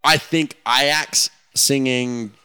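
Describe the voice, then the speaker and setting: A man's voice: medium pitch, steady tone, slow, pushed and bright, smooth. A man hosting a casual sports podcast, talking enthusiastically and laughing often. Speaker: podcast host.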